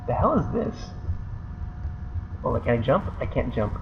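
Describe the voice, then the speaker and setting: A man's voice: mid-range voice, big pitch swings, measured pace, pauses often, narrow, tinny audio, background noise. A man casually reacting while playing a video game, muttering and swearing at what he sees. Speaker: let's play gamer. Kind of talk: casual gameplay commentary.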